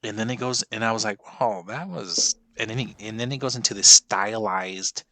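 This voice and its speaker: A man's voice: lowish voice, fairly even intonation, brisk, bright, forceful tone, dry recording. A man in his forties in a casual movie reaction chat, rambling and profane, stopping and restarting his sentences a lot. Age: 40s. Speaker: podcast co-host.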